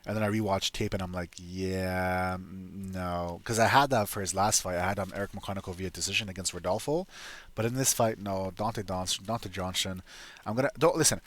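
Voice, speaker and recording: A man's voice: on the low side, fast, fairly bright tone. A man giving casual, profane MMA betting predictions, rambling and restarting his sentences. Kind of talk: casual solo fight predictions.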